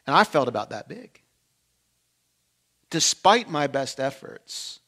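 A male pastor with a bright, ringing tone that sits slightly high for a man. He preaches with animated storytelling and laughs at his own pride. He surges loud for emphasis, then drops almost to a murmur. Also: normal speed. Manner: animated, swinging between loud emphasis and hushed asides; self-deprecating humor. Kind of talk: sermon with personal storytelling.

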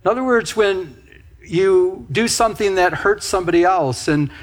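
A male pastor giving a conversational sermon. He is animated and speaks straight to his congregation, with frequent asides to them. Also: sits high, normal speed.

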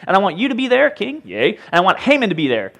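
A man's voice: high voice, wildly swooping pitch, fast, vocal fry, fairly bright tone, pitched above the performer's own voice, full character voice. A man putting on the voice of a coy, playful young queen with a sing-song, teasing manner.

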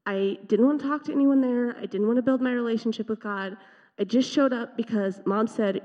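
A teenage girl shares her story from the pulpit in an earnest, reflective way. Her voice sits a little high and carries a long hall reverb. The sound is somewhat dull and muffled. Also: fairly quick. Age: teens. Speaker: teen speaker at youth worship service. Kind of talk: personal testimony sermon. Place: church sanctuary.

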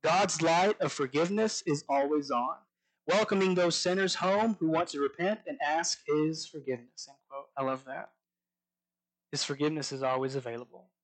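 Man preaching, fairly high voice, emphatic slow scripture reading, soft drops on key phrases. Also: low-quality recording. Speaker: pastor. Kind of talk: sermon.

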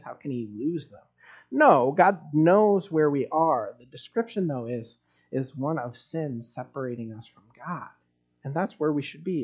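Man preaching a sermon, fairly high voice. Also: a little mellow, breathy edge, highs cut off. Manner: conversational, wry asides. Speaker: pastor.

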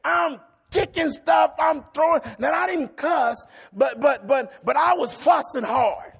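A man's voice: extremely high pitch, normal speed, gravelly, breathy edge. A middle-aged man preaching a sermon, telling stories animatedly and calling out to the congregation. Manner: animated storytelling, shouting at peaks, call-and-response with congregation. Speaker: pastor.

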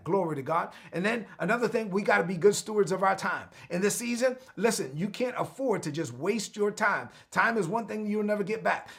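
A pastor with a high, sharp-toned voice and vocal fry preaches an online devotional sermon. He exhorts his listeners and calls on them to answer back.

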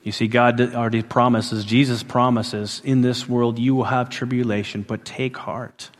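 A man preaching a sermon who repeats phrases for emphasis, rising to loud emphatic peaks and dropping to hushed endings. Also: mid-range voice, little pitch movement, normal speed, in a large hall. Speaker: pastor.

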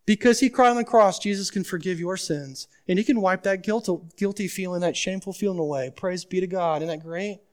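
A man preaching a sermon as pastor, emphatic, asking the congregation questions and swinging from loud urgency to quiet pleading. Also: high-pitched, brisk, hardly any pauses.

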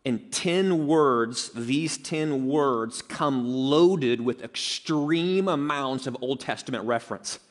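Pastor, male, emphatic sermon delivery, mid pitch, long hall reverb. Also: takes it slowly, few pauses. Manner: earnest, emphatic expository preaching.

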